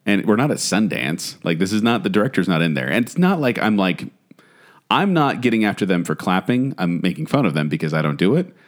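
A man's voice: low-pitched, big pitch swings, brisk. A man co-hosting a casual chat show, opinionated and laughing often. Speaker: podcast co-host. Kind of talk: casual chat about movie etiquette.

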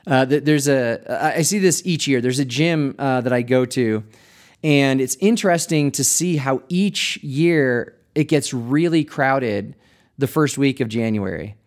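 A man's voice: medium pitch, measured pace. A man, a pastor, hosting a podcast with a reflective, conversational monologue, laughing lightly and restarting his words.

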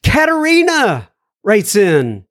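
A man with a slight Southern American accent hosting a podcast, reading listener letters in a lively, joking way. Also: high-pitched, slow, no echo, studio quality. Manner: lively, jokey, animated when reading, turns somber. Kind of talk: casual podcast chat.

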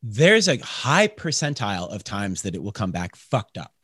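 A man's voice: lowish voice, normal speed, slightly rough, no room sound, clean studio sound. A man from Canada, co-hosting a podcast and telling a profane story casually, acting out the people in it. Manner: animated, profane, acts out the other people in his stories. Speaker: podcast co-host.

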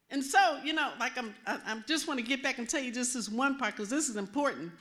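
Bright-voiced woman minister telling her story. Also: high voice, fast, hardly any pauses. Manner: animated storytelling with asides. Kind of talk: testimony sermon.

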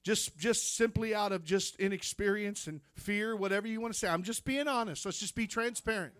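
A man preaching a testimony sermon, telling his story with fervor that climbs into shouts. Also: high voice, brisk, no echo. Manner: fervent storytelling, rising to shouts.

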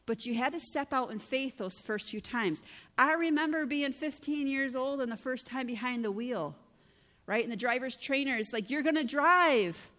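A middle-aged woman pastor, her voice pitched a little high as she preaches. She tells stories in a conversational way and acts out the voices she quotes. Her voice carries a long reverb from a church hall. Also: normal speed, a bit bright. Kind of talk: sermon.

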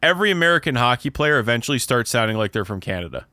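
A man's voice: mid-range voice, very animated, rapid-fire, sharp tone, no room sound, clean studio sound. A young man from Pennsylvania with a Pennsylvania accent, co-hosting a podcast in casual chat and rambling with many restarts. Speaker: podcast co-host.

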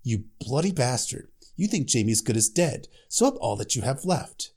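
A man voicing a young nobleman's bitter inner thoughts about his father, muttered low as he reads from a fantasy book. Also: big pitch swings, normal speed, a little mellow, breathy edge.

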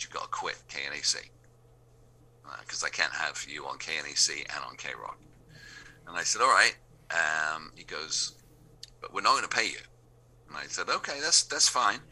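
A very deep, sharp-toned male voice with an English accent belongs to a radio DJ telling anecdotes. He acts out the remembered dialogue of the people in his stories, giving each their own quoted voice.

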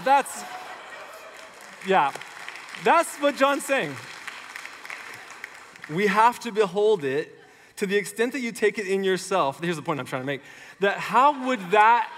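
A man's voice: high voice, a bit bright, a little hiss or hum. A male pastor giving a sermon in a casual, conversational way. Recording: long hall reverb.

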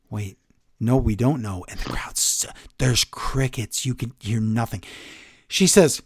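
A man co-hosting a wrestling podcast, recapping shows in a sarcastic, animated way and acting out what the wrestlers said. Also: mid-range voice, slow, breathy edge, no echo, studio quality. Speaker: podcast co-host. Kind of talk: casual wrestling recap chat.

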